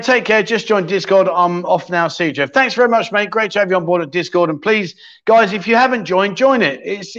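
A man's high-pitched, slightly bright voice carries a casual livestream chat show, where he jokes around and thinks aloud while scrolling and reading viewer comments. The recording has a slightly dull, lo-fi quality.

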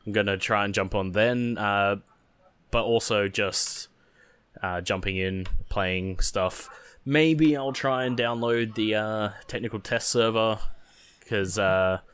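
A man's voice: lowish voice, takes it slowly, a bit bright, clean tone, no room sound. A man co-hosting a casual gaming podcast, laid-back and hesitant with fillers. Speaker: podcast co-host.

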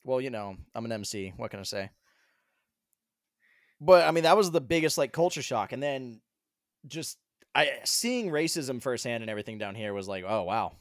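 A man's voice: mid-range voice, expressive, moderate pace, long pauses, no echo, studio quality. A young man from Colorado co-hosting a live stream, chatting casually and swearing freely as he tells stories. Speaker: stream co-host. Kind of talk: casual chat.

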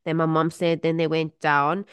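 A woman's voice: low voice, moderate pace, clean tone, no room sound. A woman co-hosting a podcast, chatting casually and acting out the voices of people in her stories. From South Africa. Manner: animated storytelling, acts out quoted voices. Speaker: podcast co-host. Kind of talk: casual chat.

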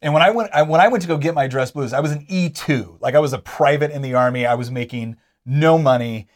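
A man's voice: mid-range voice, fast talker. A man in his forties casually telling stories, chatty and self-deprecating, laughing along. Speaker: co-host telling his story. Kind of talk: casual conversational storytelling.

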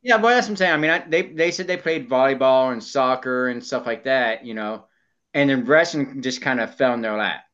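Man, podcast co-host, opinionated, mid-pitched, dull lo-fi audio. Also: a little fast, a bit bright. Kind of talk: casual chat. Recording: muffled lo-fi audio.

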